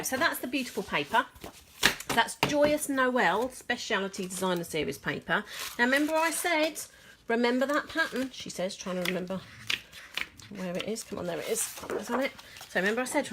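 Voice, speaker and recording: Bubbly woman with a lively voice. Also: fairly high pitch, moderate pace, slight background noise. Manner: bubbly, gushing, chatty, laughs at herself. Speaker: crafting product demonstrator. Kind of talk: casual show-and-tell vlog.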